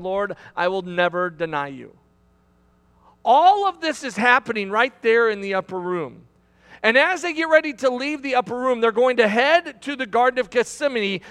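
A man preaching in a church sanctuary, his voice sitting very high for a man. He pushes his points with emphatic repetition and restarts, and the sound rings with a long hall reverb. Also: fairly bright tone. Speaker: pastor. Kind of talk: sermon.

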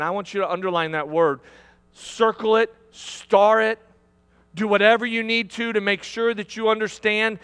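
A man preaching in a church sanctuary, his voice sitting very high for a man. He pushes his points with emphatic repetition and restarts, and the sound rings with a long hall reverb. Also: normal speed, fairly bright tone, clear, resonant tone. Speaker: pastor. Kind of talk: sermon.

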